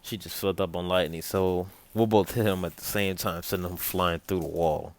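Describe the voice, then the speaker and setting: Deep-voiced man rambling through a fan story. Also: steady tone, a little hiss or hum. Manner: rambling, self-correcting, with quick asides to a child nearby. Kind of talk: casual spoken fan story.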